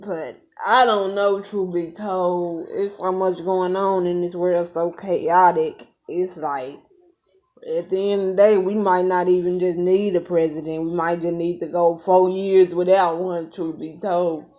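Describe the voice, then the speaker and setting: A woman hosting a reaction video, musing aloud in relaxed, casual commentary. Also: on the low side, a little slow.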